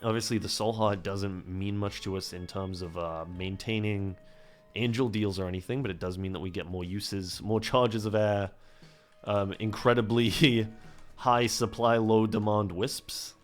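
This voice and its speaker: A man's voice: fairly low pitch, steady tone, measured pace, faint music behind. A young man giving casual game commentary while he plays, rambling off on tangents and putting himself down. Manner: rambling, digressive, self-deprecating. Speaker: gameplay commentator.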